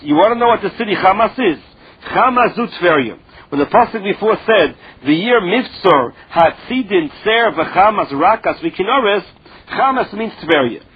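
Male Talmud teacher, reads then translates phrase by phrase, high husky voice, muffled lo-fi recording. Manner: reads a phrase then explains it in plain words. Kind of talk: Talmud lesson, reading and translating. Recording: dull lo-fi recording.

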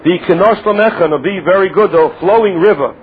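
A man with a fairly high voice gives a Talmud class, quoting Hebrew verses and translating them, repeating himself as he works through each point. The sound is thin and phone-like. A faint hiss sits under his voice. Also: fairly quick. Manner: quotes Hebrew verses then translates them, repeats words while thinking. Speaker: Torah teacher.

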